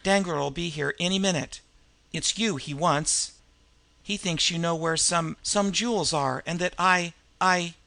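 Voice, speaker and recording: The wounded adventurer speaks thickly and stammers, forcing out his words, as a male narrator reads him. His voice is bright and slightly high, keeping a wry, brave edge through the pain. Audiobook character voice. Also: vocal fry, heavily acted. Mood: urgent. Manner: halting, stammering speech.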